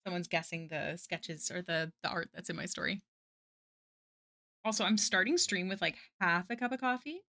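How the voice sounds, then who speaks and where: A woman's voice: fairly low pitch, normal speed, sharp tone. A woman streaming her drawing live, chatting casually and answering her chat with lots of "like" fillers. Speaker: art streamer.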